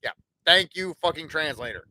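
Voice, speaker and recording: A man's voice: a little high, animated, moderate pace, pushed and bright. A man hosting a casual podcast livestream, rambling and swearing freely as he acts out conversations. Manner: profane, rambling, acts out dialogue. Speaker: podcast host.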